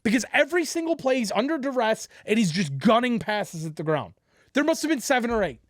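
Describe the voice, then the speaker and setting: Very animated and brisk, a sports podcast co-host swears his way through a heated football rant, hammering each point. His pitch swings widely as he builds and drops, in a dry, close recording with no echo.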